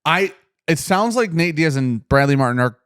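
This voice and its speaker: A man's voice: on the high side, normal speed, smooth, dry recording. A man co-hosting a casual podcast, telling a story with lots of swearing and acting out what people said. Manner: animated storyteller, swears freely, acts out quoted lines. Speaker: podcast co-host. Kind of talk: casual chat, retelling a story.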